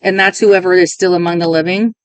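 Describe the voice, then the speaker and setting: A woman's voice: lowish voice, steady tone, brisk, no room sound. A woman reading tarot cards for her viewers, talking in a musing, emotional way and often interrupting herself. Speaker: tarot reader.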